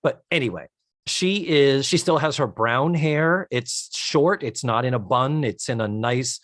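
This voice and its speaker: Animated male podcast co-host. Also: mid-range voice, measured pace, no echo, clean studio sound. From United States. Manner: animated, enthusiastic, detailed describing. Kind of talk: casual chat recapping a TV episode.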